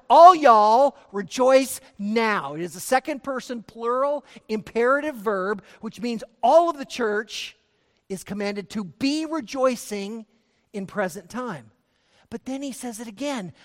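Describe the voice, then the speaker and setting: Preacher in an echoing hall. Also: male voice, high-pitched. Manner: emphatic preaching, swings between soft asides and loud exhortation. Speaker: pastor. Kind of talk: sermon.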